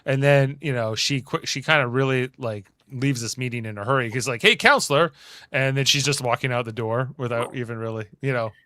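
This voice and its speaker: Bright, dry-voiced man recapping an episode. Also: medium pitch, steady tone, fairly quick, few pauses, no echo. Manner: rambling scene-by-scene recap. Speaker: podcast host. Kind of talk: casual podcast chat.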